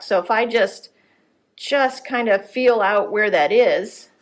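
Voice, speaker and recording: Woman thinking aloud during a drawing demo. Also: a little high. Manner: thinks aloud while drawing, self-correcting. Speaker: art instructor. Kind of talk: live drawing demonstration. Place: gallery workshop.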